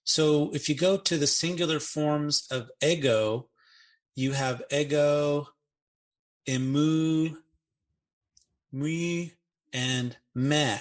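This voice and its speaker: Man explaining grammar in casual chat. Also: a little high. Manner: explanatory, spells out forms slowly, playful asides. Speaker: Greek grammar podcast co-host. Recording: podcast audio.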